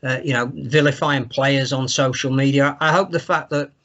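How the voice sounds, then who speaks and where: Measured man on a lo-fi line. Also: mid-range voice, fairly even intonation, a bit bright. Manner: measured, thoughtful, some hesitation. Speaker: podcast co-host. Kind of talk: casual podcast chat. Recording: dull, lo-fi remote line.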